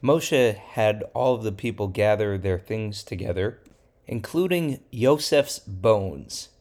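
A man, a rabbi, retelling a Bible story for children in a lively, playful way. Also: on the low side, slow. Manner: lively storyteller, plays characters in quotes.

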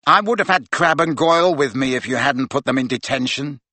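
Man doing a sulky sneering teen boy, defiant n resentful, bright kinda husky voice. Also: mid-range voice, fairly quick, no room sound. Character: sullen, defiant teenage boy. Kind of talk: audiobook character voice.

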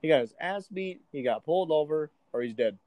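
A man's voice: on the high side, lively intonation, a little fast, warm tone, no room sound, low-quality recording. Young man, casual chat, crude joking remarks, dry close recording. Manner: joking interjections, blunt and crude.

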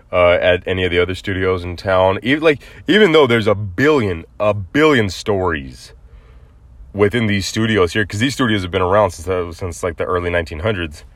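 A man with a lowish voice tells a personal story in a loose, rambling way, full of fillers and restarts. The sound is dry and close, with no room around it. He talks like a casual podcast host. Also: a bit bright, no room sound.

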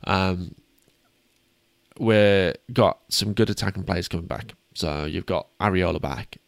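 A man's voice: sits low, unhurried, creaky, no echo. A British man co-hosting a casual sports chat, upbeat and self-deprecating. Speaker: podcast co-host.

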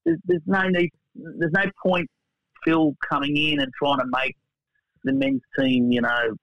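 Brief: man, podcast guest, jokey and animated, dry dull remote-call sound. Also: on the high side, measured pace, no room sound. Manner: animated, jokey, uses "mate" often. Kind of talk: casual podcast chat.

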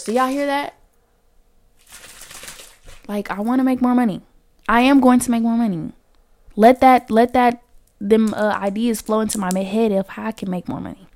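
A woman's voice: on the high side, a little mellow. A woman hosting a casual solo podcast, chatty, repeating affirmations with emphasis. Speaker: podcast host.

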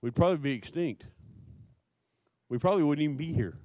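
Man preaching a slow, searching sermon. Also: fairly high pitch, animated, warm tone, dry recording, highs cut off. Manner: asks rhetorical questions, slow emphatic preaching. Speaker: pastor.

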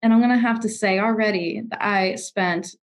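A woman's voice: medium pitch, normal speed. A woman in her twenties in casual podcast chat, telling personal stories candidly and often restarting her sentences. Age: 20s.

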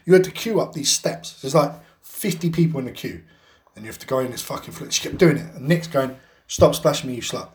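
A man's voice: medium pitch, animated, fast. A man co-hosting a podcast, telling a rambling anecdote in casual chat, swearing constantly and laughing as he goes. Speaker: podcast co-host.

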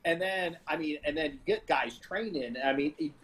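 A man, a jiu-jitsu black belt guest on a podcast, casually telling animated stories from his early training. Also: fairly high pitch, moderate pace, poor audio. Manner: animated, laughing reminiscence. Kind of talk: casual storytelling.

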